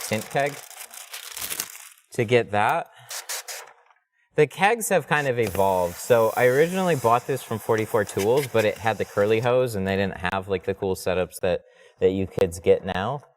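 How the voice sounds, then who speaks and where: A man with a lowish voice talks through a headset while he works, easygoing and chatty. He rambles a little and lets a swear slip when things go sideways, like a tradesman streaming his job. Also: animated, a little slow, slight background noise. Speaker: window tint installer streaming live. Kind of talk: casual live-stream talk while working.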